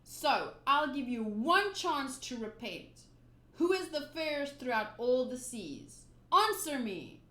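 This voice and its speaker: A woman's voice: sits high, very animated, takes it slowly, sharp tone, exaggerated voice. A woman reading a manga aloud and voicing a vain, bossy female pirate captain with a haughty, commanding manner. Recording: roomy echo.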